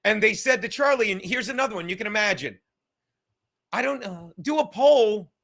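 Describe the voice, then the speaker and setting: A man hosting a livestream podcast, rambling loudly and swearing as he reads chat comments. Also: high voice, lively intonation, moderate pace, vocal fry. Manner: loud, rambling, profane, reading chat comments aloud. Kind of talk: casual chat.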